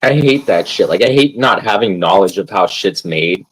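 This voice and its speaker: Low husky man ranting casually. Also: animated, moderate pace, poor audio. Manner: rambling, swears constantly, fills with "like". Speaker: live streamer. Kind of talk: casual profane rant while gaming.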